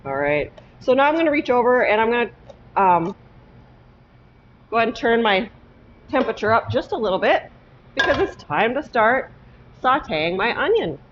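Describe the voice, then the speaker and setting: A woman's voice: on the high side, very animated, normal speed, pauses often, lo-fi sound, slight background noise. A woman teaching a cooking lesson in her kitchen, talking step by step and often checking in with "okay?". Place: home kitchen.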